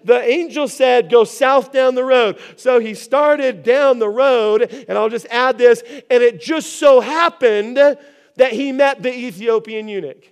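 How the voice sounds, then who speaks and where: A man preaching a sermon, earnest and repetitive, building to emphatic shouted lines. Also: very high voice, a little slow, creaky, smooth. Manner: earnest preaching, repeats phrases, rises to shouts. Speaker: pastor.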